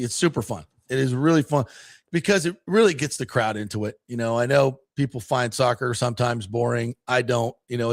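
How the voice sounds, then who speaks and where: A man hosting a sports talk show, rambling through casual chat. His voice has a gravelly edge and sounds close and dry in the studio. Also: mid-range voice, no echo. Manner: rambling, chatty, frequent fillers.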